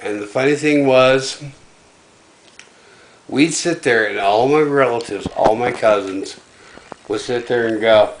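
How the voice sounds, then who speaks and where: A man's voice: fairly low pitch, a little slow, pauses often, noisy background. A man telling a crude family story in blunt, profane casual talk, raising his voice when he quotes people. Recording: echoey room, mic far off.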